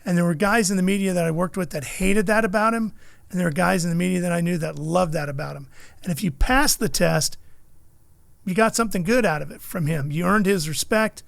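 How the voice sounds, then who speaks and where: A middle-aged motorsports broadcaster from California tells stories in a casual chat with a high-pitched, gravelly voice at a fairly quick pace and no room sound. He is animated and acts out the people he quotes.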